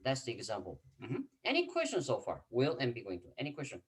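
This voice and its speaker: A man whose first language is Korean, teaching an online class over a video call. He repeats key phrases and fills pauses with "mm-hmm.". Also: medium pitch, wildly swooping pitch, husky.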